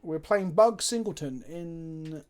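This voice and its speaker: A man's voice: on the high side, slow, darkish tone. A man streaming a card game live, chatting casually, swearing freely and answering viewers' chat as he plays.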